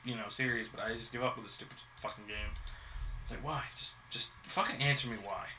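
A man's voice: medium pitch, brisk, sharp tone, slight background noise. A man giving casual let's-play commentary, frustrated and swearing constantly as he talks to himself. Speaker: gameplay commentator.

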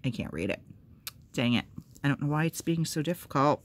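A woman vlogger talks to her phone camera at home while opening mail. She rambles cheerfully and gets excited over each little gift. Now and then she turns the jokes on herself. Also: deep voice, fairly quick. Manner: self-deprecating humor. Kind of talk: casual chat to camera.

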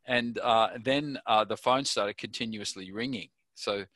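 A man's voice: on the low side, measured pace, fairly bright tone, no echo. An older Australian man being interviewed, telling a chatty anecdote and chuckling at his own story. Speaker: interview guest.

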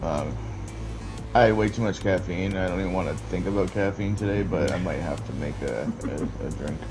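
A man's voice: deep voice, brisk, darkish tone, soft background music, low-quality recording. A man chatting casually with a friend while gaming, sounding tired and laid-back.

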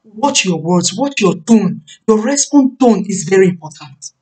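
A woman in her thirties preaching a sermon on marriage, emphatic, repeating key phrases and slowing down to stress words. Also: mid-range voice, animated, warm tone. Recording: voice a bit far from the mic.

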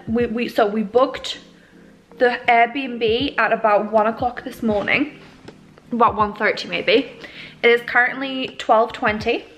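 A woman's voice: fairly high pitch, rough recording. A young woman in her twenties chatting casually to camera in a vlog, bubbly and rambling. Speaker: vlogger.

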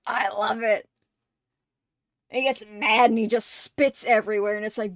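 A young adult woman streamer in casual chat, gushing like an excited fan and swearing and laughing often. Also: on the high side, a little slow, long pauses, no room sound, clean studio sound.

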